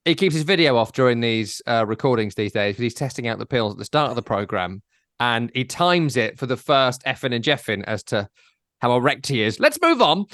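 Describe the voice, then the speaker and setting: A man's voice: medium pitch, big pitch swings, brisk, a bit bright, dry recording, studio quality. A man hosting a podcast, rambling and teasing his co-host in casual chat.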